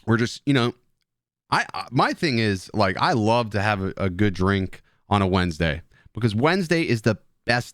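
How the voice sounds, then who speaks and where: A man's voice: mid-range voice, sing-song, normal speed, a bit bright, no echo, studio quality. A man hosting a casual live stream, joking and swearing at his chat while drinking beer. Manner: rambling, joking, profane banter with chat.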